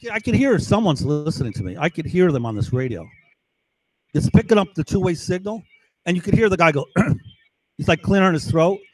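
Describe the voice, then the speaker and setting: Rambling man with a high voice, agitated and profane, dry close sound. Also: expressive, normal speed, a little mellow, breathy edge, dry recording, rough recording. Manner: keeps asking "right?". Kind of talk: rambling monologue to camera.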